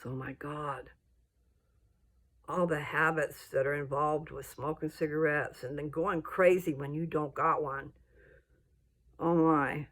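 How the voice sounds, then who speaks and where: An older woman ranting bluntly to her viewers, scolding and rambling, with her voice jumping up into high indignant peaks. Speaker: vlogger. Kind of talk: casual rant to camera.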